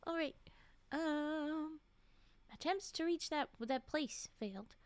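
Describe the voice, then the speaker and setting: A woman's voice: high voice, extremely slow, pauses often, no echo. A woman streamer reading spooky stories aloud, often breaking off to chat, laugh and whisper asides. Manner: chatty, reads aloud and breaks off to react and answer chat. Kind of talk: casual live-stream story reading.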